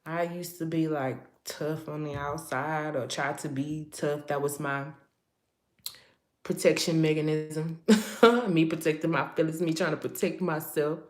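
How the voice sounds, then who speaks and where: Low-voiced woman giving a prophetic word. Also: fairly even intonation, unhurried, reverberant. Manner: rhyming, rhythmic prophecy spoken as the Lord; casual, laughs often while talking. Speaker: prophetic speaker.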